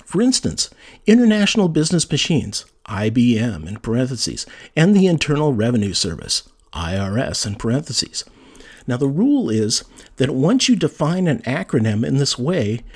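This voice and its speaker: A man's voice: medium pitch, very animated, normal speed, darkish tone, breathy edge. A man giving a casual spoken lesson on writing, talking conversationally and reading example sentences aloud with emphasis. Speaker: writing teacher.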